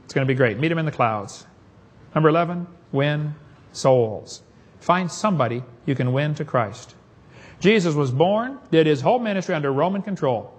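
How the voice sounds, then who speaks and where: A man's voice: on the high side, breathy edge. A man with a Southern accent preaching a sermon in a folksy, joking, storytelling way.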